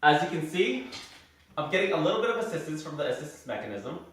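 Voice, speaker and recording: A man's voice: on the high side, big pitch swings, fast talker. A man as a fitness trainer, explaining each exercise step by step while he demonstrates it in a gym. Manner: instructive, explains while doing the moves. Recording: very echoey room heard from a distance.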